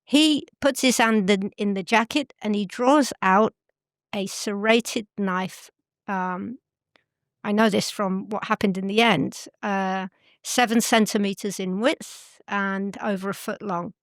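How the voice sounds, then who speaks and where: A middle-aged woman telling a personal story as an interview guest, earnest and pausing to search for the right English words. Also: medium pitch, fairly even intonation, dry recording, clean studio sound.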